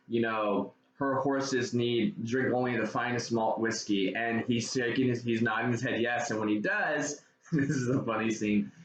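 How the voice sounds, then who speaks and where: A man's voice: mid-range voice, fairly bright tone. Rambling man reviewing a movie, echoey room. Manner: rambling, retells scenes with many fillers. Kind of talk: casual chat. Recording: echoey room, dull lo-fi sound, faint noise.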